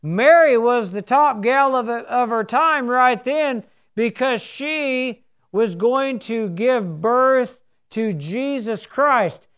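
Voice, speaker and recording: A man's voice: extremely high pitch, slow pace, few pauses, fairly bright tone, clean tone. A man in his sixties preaching a sermon, telling his story in a folksy, earnest way. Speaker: pastor.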